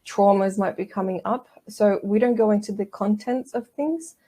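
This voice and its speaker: Calm, soft-spoken woman therapist. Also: medium pitch, normal speed. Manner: calm, gentle, explanatory. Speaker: massage therapist guest. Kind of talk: interview conversation.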